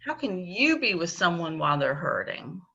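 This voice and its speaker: A woman teaching a children's Bible lesson on a video call, gently coaxing the kids and repeating her questions. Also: lowish voice, big pitch swings, moderate pace, vocal fry. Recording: dull lo-fi video call audio.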